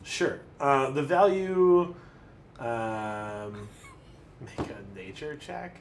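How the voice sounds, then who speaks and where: A man's voice: mid-range voice, extremely slow. A young man as dungeon master, explaining rules casually with lots of fillers. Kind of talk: running a tabletop game, casual.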